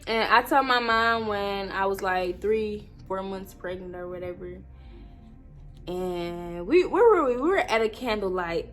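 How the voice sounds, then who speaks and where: A woman's voice: mid-range voice, measured pace, a bit bright, soft background music. A woman in her twenties telling an emotional story on her vlog. She talks tearfully, laughs through the tears and rambles with many fillers. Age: 20s. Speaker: vlogger.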